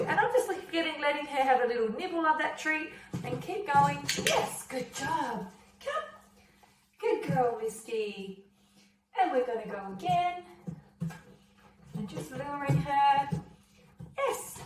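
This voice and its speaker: High-voiced, slow-talking woman dog trainer. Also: noisy background. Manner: praising, encouraging tone with a dog. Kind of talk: instructional dog training video. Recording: echoey, distant camera sound.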